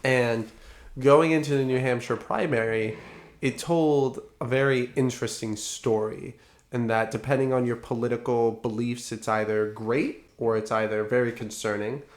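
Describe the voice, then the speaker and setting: A man's voice: mid-range voice, steady tone, normal speed. A young man co-hosting a podcast in casual chat, rambling with lots of fillers and laughing often. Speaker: podcast co-host.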